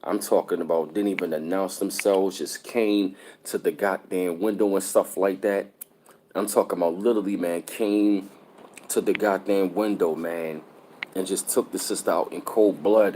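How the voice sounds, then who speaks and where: Male streamer, very low pitch, somber and disturbed, rambling casual delivery. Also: steady tone, normal speed, mellow, slight background noise. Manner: repetitive, somber, greets chat viewers mid-sentence. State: upset and disturbed. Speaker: live stream host. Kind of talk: casual live stream talk.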